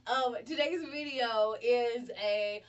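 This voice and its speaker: A woman's voice: a little high, takes it slowly, clean tone, distant mic, dull audio. A woman with a Southern US accent hosting a casual chat, bubbly and giggly. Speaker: host.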